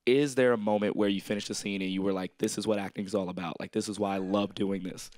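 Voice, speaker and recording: A man hosting a casual film interview, enthusiastic, with short affirmations and quick reactions. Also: on the low side, steady tone, a little mellow, no room sound. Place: live event after a film screening.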